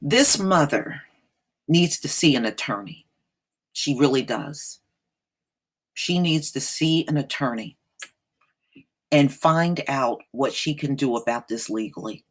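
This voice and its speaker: Slow, sassy woman commentator. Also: a bass voice, lively intonation. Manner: sassy, blunt, slangy. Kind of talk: casual reaction commentary.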